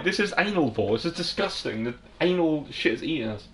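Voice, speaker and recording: A man's voice: fairly high pitch, animated, a little fast, few pauses, a bit bright, a little hiss or hum. A man giving crude, rambling comedic commentary on a game, laughing often. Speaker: gaming channel host.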